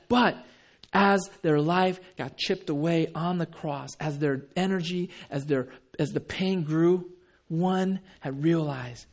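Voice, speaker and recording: A man preaching a sermon. He drops to hushed tones and acts out quoted pleas. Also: on the high side, measured pace. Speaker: pastor.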